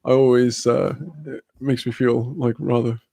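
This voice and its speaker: A young man chatting casually on a live stream, laughing often and filling pauses with ums. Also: medium pitch, little pitch movement, creaky, warm tone, no room sound.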